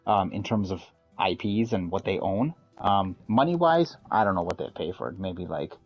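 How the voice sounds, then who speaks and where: A man's voice: sits low, animated, moderate pace, highs cut off, soft background music. A man hosting a casual podcast chat, giving his opinions as he thinks aloud. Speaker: podcast host.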